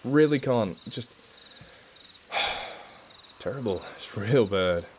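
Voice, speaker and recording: A man's voice: fairly low pitch, animated, slow pace, background noise. A man putting on a put-on American Southern good-old-boy voice while chatting playfully with viewers on a live stream. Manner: playful, self-mocking, chatty. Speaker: livestream host. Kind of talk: casual live-stream chat.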